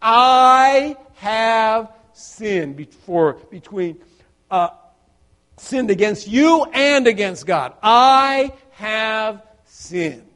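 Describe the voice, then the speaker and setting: A man acting out a young man who has hit bottom and is begging his father, speaking haltingly and repeating himself. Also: high voice, lively intonation. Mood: repentant. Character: repentant young man, broke and humbled. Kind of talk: acted quote in a sermon.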